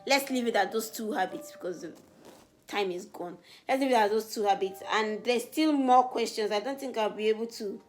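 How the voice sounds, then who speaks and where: Young woman from africa doing a chatty q&a, earnest, gets louder and higher when excited, faint music underneath. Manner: animated, voice rises when excited. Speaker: beauty vlogger. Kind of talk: casual get-to-know-me Q&A.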